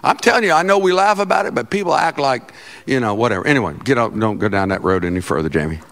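A male pastor preaching a sermon in a church, joking with the congregation and breaking into loud, animated outbursts. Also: medium pitch, fast. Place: church sanctuary.

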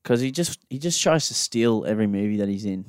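A man's voice: on the low side, expressive, fast talker, darkish tone, clear, resonant tone, no echo, studio quality. A man with an Australian accent, bluntly telling stories and giving opinions on a casual podcast, swearing freely. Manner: blunt, swears freely, mimics people in anecdotes. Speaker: podcast co-host. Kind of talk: casual podcast banter and storytelling.

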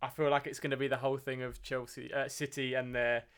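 A young man co-hosting a casual football podcast, speaking in a relaxed, measured way with a few hesitant restarts. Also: medium pitch, clear, resonant tone. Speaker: podcast co-host.

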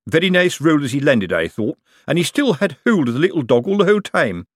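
A pompous middle-aged city-watch sergeant in an audiobook, lecturing with weary authority in a raised, lively voice, as a male narrator puts him on. The sound is close and dry. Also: on the high side, a little fast, dry recording, pitched above the performer's own voice. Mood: pleased. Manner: pompous, know-it-all.

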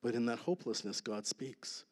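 A man tells his story in earnest, measured phrases, pausing for effect. He often drops to a soft, intense hush to land a point, in the manner of a church testimony. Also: medium pitch, in a large hall. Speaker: guest speaker.

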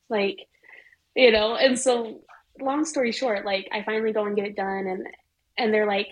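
A middle-aged woman telling a personal story in casual chat, animated and swearing freely. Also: medium pitch, moderate pace, slight background noise, rough recording. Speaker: guest.

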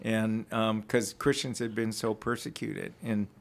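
A man's voice: fairly low pitch, level tone, measured pace, vocal fry. Earnest man telling his story. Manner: earnest, reflective storytelling with frequent restarts. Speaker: ministry founder, podcast guest. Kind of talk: personal testimony in casual conversation.

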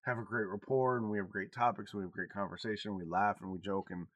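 A man's voice: on the low side, fairly even intonation, fast talker, no room sound. A man in his forties co-hosting a podcast in casual chat, talking frankly and confessionally and swearing freely. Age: 40s. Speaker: podcast co-host.

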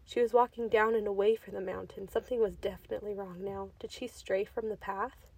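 A woman reading a short story aloud in an expressive, unhurried way. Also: mid-range voice, gravelly, husky, dry recording.

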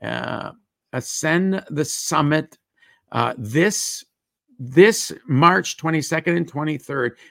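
A man's voice: on the high side, slow pace, vocal fry, sharp tone, no room sound, clean studio sound. A man hosting a faith podcast as a dream coach, speaking earnestly and fervently, often restarting his sentences. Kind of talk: preaching podcast talk.

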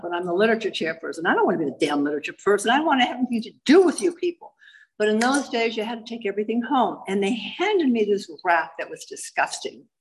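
A woman from Massachusetts shares her recovery story before a live audience, her mid-range voice wry and self-mocking. The recording quality is poor.

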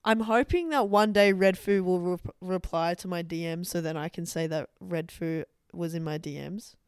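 Young woman, podcast co-host, playful and teasing, smooth low voice, dry close mic. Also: normal speed, no room sound. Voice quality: playful, teasing, laughs easily. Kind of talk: casual chat.

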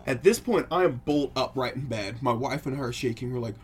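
A man co-hosting a podcast, telling a creepy story in casual chat, acting out noises and dropping to a hush for tense parts. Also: mid-range voice, a little fast, hardly any pauses, slight background noise. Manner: animated, acts out creaks and drops to hushed tones. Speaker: podcast co-host.

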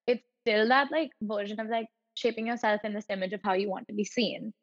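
Woman podcaster, fairly high voice, chatty and animated, dull lo-fi sound with long reverb. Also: a little fast, few pauses. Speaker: podcast co-host. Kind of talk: casual chat.

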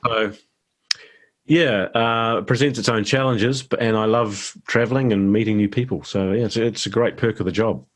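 A middle-aged man with a New Zealand accent, chatting as a guest actor in an interview, relaxed and self-deprecating. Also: lowish voice, moderate pace. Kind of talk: casual interview chat.

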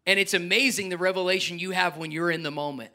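A middle-aged man preaching a sermon as pastor, swinging between loud exhortation and quiet, personal asides. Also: sits high, steady tone, fast talker.

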